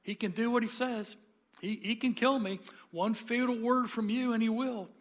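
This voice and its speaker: A man's voice: extremely high pitch, fairly even intonation, normal speed, voice pushed up. A man voicing a talkative red lizard that chatters and pleads to be spared, during a sermon reading. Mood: wheedling.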